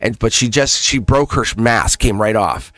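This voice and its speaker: A schoolteacher hosts a live tarot reading stream, his voice on the low side and his speed normal in a dry recording. He coaxes viewers in a casual, earnest way while telling rambling, animated stories full of restarts.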